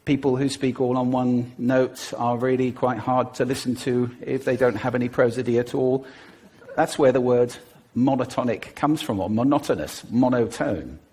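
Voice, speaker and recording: A man giving a stage talk in an animated way, demonstrating voice techniques as he speaks. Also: medium pitch, moderate pace, slightly rough. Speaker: public speaker.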